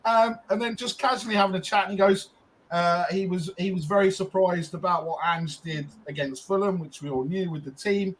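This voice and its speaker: A man's voice: high voice, normal speed, low-quality recording. Male co-host, rambling storyteller, slightly raised voice, faint background hum. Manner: rambling, frequent ums and restarts. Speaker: podcast co-host. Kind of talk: casual storytelling chat.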